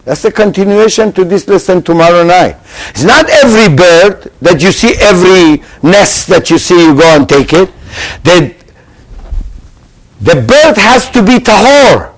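On a low-quality recording, a man teaching Torah to a live class speaks at a moderate pace in a voice that sits high. He poses rhetorical questions to quiz the room, alternating loud emphasis with whispered asides.

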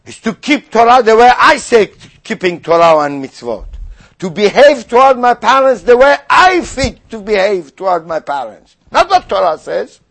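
A man giving a sermon, acting out skeptics' questions in a raised voice and sinking to quiet asides. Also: sits high, moderate pace, vocal fry. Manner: animated, voices mock objections then drops to quiet asides. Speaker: rabbi.

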